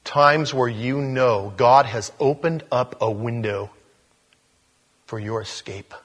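A man preaching a sermon in a conversational way, growing animated as he reads scripture aloud. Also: mid-range voice, slow, big-room sound.

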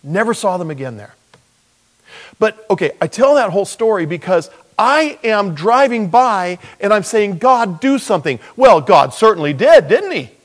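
A man's voice: big pitch swings, moderate pace. Man preaching in a folksy, storytelling way. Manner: conversational storytelling, drops soft and low for quoted prayers, laughs often. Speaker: pastor. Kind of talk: sermon with personal story.

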